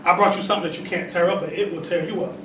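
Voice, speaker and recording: A man in his forties teaches a congregation in a temple. His voice is high, and the mic sits far from him in an echoey hall with steady noise behind. He asks questions of the room and laughs between points. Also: very fast. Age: 40s. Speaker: religious teacher. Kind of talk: sermon with call and response.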